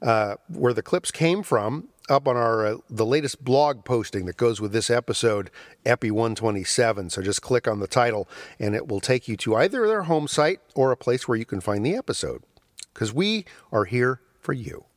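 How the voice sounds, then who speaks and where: A man's voice: moderate pace, no echo. Podcast host, man, chatty announcements, bouncy intonation, dry booth. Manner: conversational with fillers and restarts, lively pitch. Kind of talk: show announcements and clip introduction.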